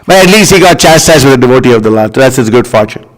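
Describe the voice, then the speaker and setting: A man giving a scripture class as a sermon, scornful and animated, leaning on lots of "you know" fillers. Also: mid-range voice, rapid-fire, big-room sound, low-quality recording. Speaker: preacher.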